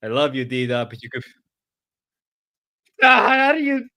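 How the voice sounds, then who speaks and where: A man hosting a live stream, reacting loudly and excitably while he chats and swears. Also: medium pitch, takes it slowly. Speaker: streamer host. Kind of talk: casual live-stream chat.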